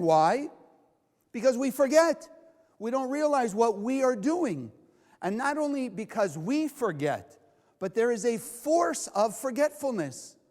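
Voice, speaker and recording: A man's voice: very high voice, long reverb tail. A man teaching Kabbalah to a live audience, asking them questions and acting out the voices in people's heads. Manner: animated, acts out inner voices, asks the audience questions.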